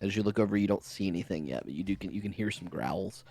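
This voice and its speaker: Relaxed male game master. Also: sits low, fast, soft background music. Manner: relaxed, with fillers and short acknowledgements. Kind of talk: narrating a tabletop game.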